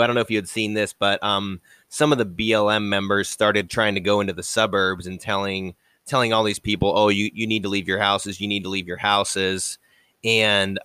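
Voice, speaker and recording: A man hosting a casual talk show, speaking haltingly with many restarts and frequent agreement. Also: on the low side, sharp tone, clean tone, no echo, clean studio sound. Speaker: podcast host. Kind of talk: casual chat.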